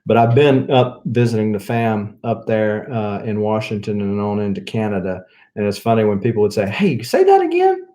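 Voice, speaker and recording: Southern-accented man, casual rambling host, lots of chuckles and drawn-out fillers. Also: on the low side, level tone, mellow. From Mississippi. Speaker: comic book channel host. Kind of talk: casual rambling haul chat.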